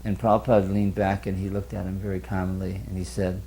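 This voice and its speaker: A man telling an anecdote in an interview, animated and acting out the quotes. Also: deep voice, brisk, slightly rough, poor audio. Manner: animated storyteller who acts out the quotes.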